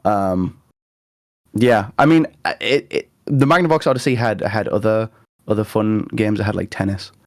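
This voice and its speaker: A young man co-hosting a casual podcast, talking eagerly and halting over his words with many restarts. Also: fairly low pitch, dry recording, clean studio sound. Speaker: podcast co-host. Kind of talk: casual chat.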